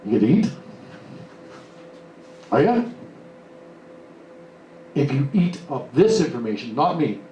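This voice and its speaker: Speaking to a live audience, a man gives an emphatic motivational seminar talk and acts out the voices he quotes. His voice is medium-pitched and darkish, recorded from a distance, off-mic, in an echoey room with faint hiss.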